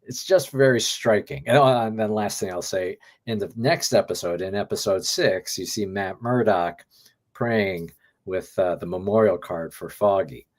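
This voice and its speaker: A man co-hosting a review show, speaking in a measured, hesitant way with many fillers. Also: on the low side. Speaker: podcast co-host. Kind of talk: thoughtful review chat.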